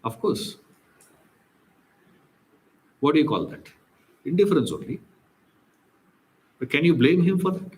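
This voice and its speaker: A man's voice: fairly high pitch, big pitch swings, a little slow, pauses often, rough recording. Man teaching scripture, chatty. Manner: conversational storytelling with frequent "you know" and rhetorical questions. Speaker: Vedanta teacher. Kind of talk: scripture class lecture.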